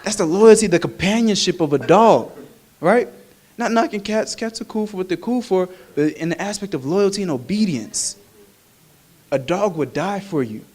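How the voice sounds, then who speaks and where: High-voiced man preaching with humor. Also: moderate pace, husky. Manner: animated, humorous, conversational preaching. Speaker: minister. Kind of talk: sermon.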